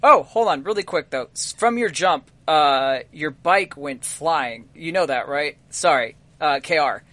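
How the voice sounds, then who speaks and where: A man narrating as game master of a tabletop role-playing game, relaxed and full of fillers. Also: a little high, a little slow, dry recording.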